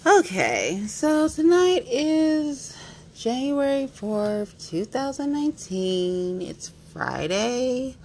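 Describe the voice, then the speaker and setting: A woman's voice: high voice, very animated, very slow, noisy background. A young woman hosting her own podcast, venting bluntly and a little pettily in a casual monologue full of slangy asides. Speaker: podcast host.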